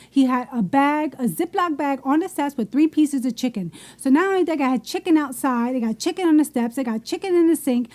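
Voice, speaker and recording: High-voiced woman telling a profane story. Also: fairly quick, few pauses. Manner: profane, animated, emphatic. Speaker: podcast co-host. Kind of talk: casual storytelling.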